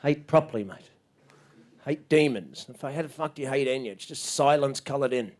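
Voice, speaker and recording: A man rants and curses in disbelief at a fairly quick pace during a stand-up set on a small club stage. He impersonates other people by jumping into loud, high shouts.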